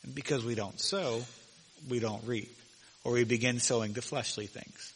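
A male pastor preaching a sermon with emphasis, slowing down when he reads scripture aloud. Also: medium pitch, fairly even intonation, a little hiss or hum. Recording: long reverb of a large hall.

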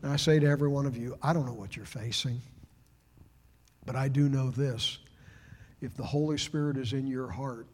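A middle-aged man preaching a sermon as pastor, swinging from loud shouts down to hushed whispers. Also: medium pitch, fairly even intonation, moderate pace, long pauses. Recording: long reverb of a large hall.

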